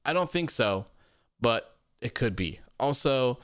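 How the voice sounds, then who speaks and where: Casual guy host reading chat comments, smooth voice, dry close sound, repeats himself a lot. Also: medium pitch, expressive, measured pace, a bit bright, no room sound. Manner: loose, repetitive, laughs often. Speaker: podcast host.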